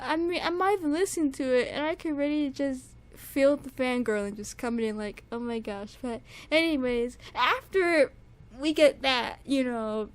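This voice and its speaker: Gushing high-voiced woman reviewing music. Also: moderate pace. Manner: gushing fangirl enthusiasm, rambling with many fillers and repeats; shrieks high with excitement at times. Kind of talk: casual solo music review.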